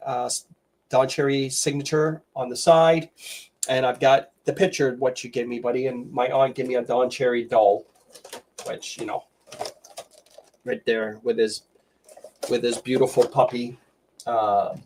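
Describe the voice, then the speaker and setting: A man from Canada hosts a casual livestream in a slightly high voice. He rambles and fills his talk with "uh" as he reads out viewer names one after another. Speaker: livestream host.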